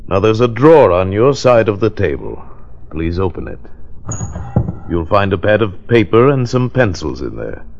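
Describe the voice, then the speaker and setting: Psychic doctor, 1940s radio acting, low voice, big pitch swings, dull old broadcast sound. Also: male voice, very animated, vocal fry, noisy background. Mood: hushed. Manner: soft, measured mystic voice that turns to frantic shouting. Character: nervous male psychic doctor, hushed then panicky.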